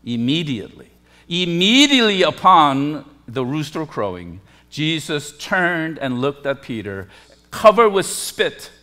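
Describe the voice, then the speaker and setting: A pastor delivers a sermon in a high voice, taking his time over each phrase. His preaching is emphatic, climbing to forceful peaks on key words before dropping low and quiet. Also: very animated, a little slow. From lived in Korea.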